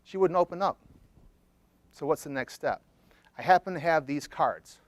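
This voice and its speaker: A man's voice: fairly high pitch, animated, normal speed, no room sound. A man, a therapist, presenting a case study to an audience in a conversational storytelling way, checking in with listeners as he goes.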